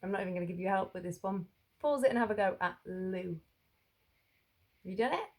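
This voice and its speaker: A woman teaching young children to spell, sounding out each letter slowly and carefully. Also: medium pitch, lively intonation, darkish tone. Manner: slow, drawn-out sounding out of letters. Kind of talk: phonics lesson for young children.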